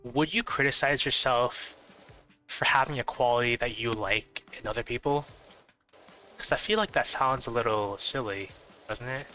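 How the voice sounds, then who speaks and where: A man with a nasal, bright, rather sharp voice chats casually to his stream audience. He rambles and thinks out loud, full of fillers and restarts. Faint music plays underneath. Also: medium pitch, normal speed, low-quality recording.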